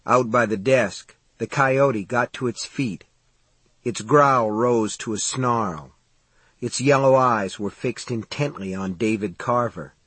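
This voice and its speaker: Guy reading an audiobook, husky voice, dry close sound, steady pace. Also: mid-range voice, dry recording. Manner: steady, measured storytelling. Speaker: audiobook narrator. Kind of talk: scripted audiobook narration.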